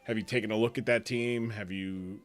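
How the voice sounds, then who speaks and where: A man's voice: on the low side, fairly even intonation, normal speed. A man hosting a live stream as league commissioner, chatting loosely, laughing often and trailing off mid-sentence. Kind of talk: casual live-stream banter.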